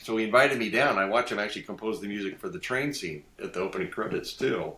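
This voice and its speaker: Older male guest, low bright voice, animated storyteller, echoey room. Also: quick pace, hardly any pauses. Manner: animated, acts out quoted voices, laughs often. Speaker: guest designer. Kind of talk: casual podcast storytelling.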